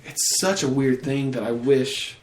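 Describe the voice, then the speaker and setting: A man's voice: mid-range voice, measured pace. A young man hosting a casual podcast, rambling and swearing freely as he tells stories and acts out quotes. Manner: rambling, profane, animated storytelling with acted quotes. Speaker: podcast host. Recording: roomy echo.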